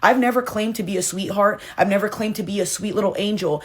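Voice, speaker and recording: A young woman rattles through her commentary at a brisk clip as she reacts to a video. She is passionate and confrontational, swearing bluntly along the way. Her pitch sits in the middle of the usual range. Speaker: reaction channel host.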